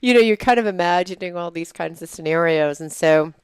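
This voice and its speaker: A woman in her forties tells a personal story in a casual talk show, with lively acted-out asides. Her voice is low and smooth. It is recorded dry and close. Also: a little fast, no room sound. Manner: animated storytelling, acts out her own inner voice. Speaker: podcast co-host. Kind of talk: casual chat.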